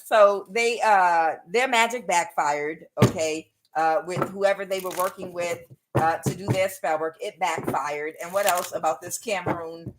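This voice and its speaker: A woman's voice: lowish voice, measured pace, very noisy. A middle-aged woman giving a casual tarot reading. She is chatty, laughs often and calls her viewers y'all. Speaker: tarot reader.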